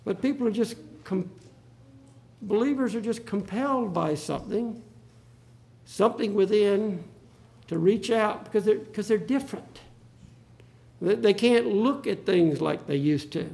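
Male preacher, raised pitch, gravelly edge, dramatic quoting. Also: animated, measured pace, long pauses, a little mellow. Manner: dramatic, acts out the Bible quotes. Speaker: pastor. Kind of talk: sermon.

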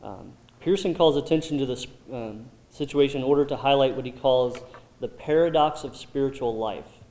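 A man's voice: medium pitch, moderate pace, mellow. A man leading a Bible study group, thoughtful and full of ums and restarts. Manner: thoughtful, many um fillers and restarts. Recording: roomy echo.

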